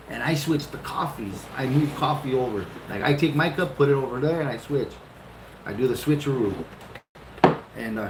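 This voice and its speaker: A husband in his fifties spins a casual, animated tale of meeting his wife, playing out his own reactions and cursing freely along the way. He has a mid-range voice, and the room sounds roomy and echoey with steady background noise.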